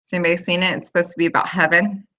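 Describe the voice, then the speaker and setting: A woman's voice: on the low side, flat delivery, racing, pushed and bright. A woman in her thirties hosting a casual video chat from home, rambling with lots of fillers. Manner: chatty, rambling, full of fillers. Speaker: host of a live video chat.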